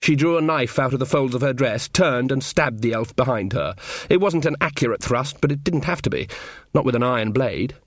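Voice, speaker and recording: A man's voice: mid-range voice, animated, fairly quick, dry recording. Man reading a story in a dry voice. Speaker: audiobook narrator. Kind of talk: scripted narration.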